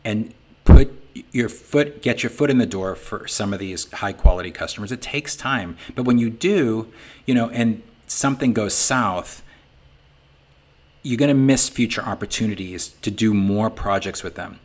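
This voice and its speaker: A middle-aged man with a Boston accent talks his way through a webinar in a folksy, conversational manner. His voice sits a little on the low side. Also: moderate pace, darkish tone. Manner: folksy, conversational, leans on "you know". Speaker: webinar presenter for a sign business software company. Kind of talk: informal webinar talk.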